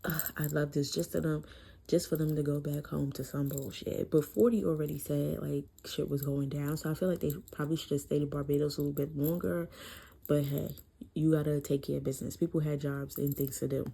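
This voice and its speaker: A woman casually reviewing a book series in a chatty, profane, animated way. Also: low-pitched, fairly quick, vocal fry, husky.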